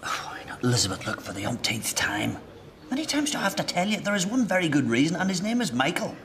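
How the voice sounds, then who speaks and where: A man's voice: fairly low pitch, steady tone, fairly quick, vocal fry, bright, forceful tone, in a whisper. An actor playing a guarded, sardonic man in prison. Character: man in prison, gruff and defensive.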